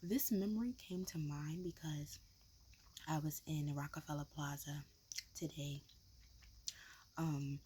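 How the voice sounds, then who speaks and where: Low whispering New woman. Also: slow pace, pauses often, a little hiss or hum. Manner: mixes soft whisper with low talking, filler-heavy. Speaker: ASMR vlogger. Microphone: close ASMR mic, gum chewing.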